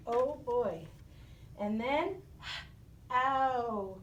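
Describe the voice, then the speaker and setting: A woman's voice: fairly high pitch, expressive, slow pace, a little mellow, slight background noise. A woman teacher giving a recorded math lesson to young children, speaking patiently and breaking into sing-song phonics chants. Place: home. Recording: roomy echo, recorded from a distance.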